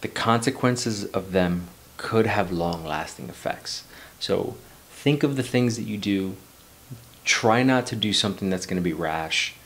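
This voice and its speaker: Deep-voiced 40s guy from new york, loose rambly storytelling, swears a bit. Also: animated, a little slow, a bit bright, slight background noise. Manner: rambling, loose, swears casually, drifts into life lessons. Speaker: vlogger. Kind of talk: casual personal storytelling.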